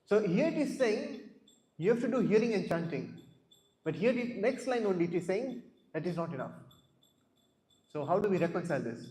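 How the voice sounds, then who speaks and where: A man's voice: high-pitched, big pitch swings, moderate pace, long pauses, a little mellow. A man giving a scripture class, asking the listeners questions and telling stories, often repeating words. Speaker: class speaker. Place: temple hall. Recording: echoey hall.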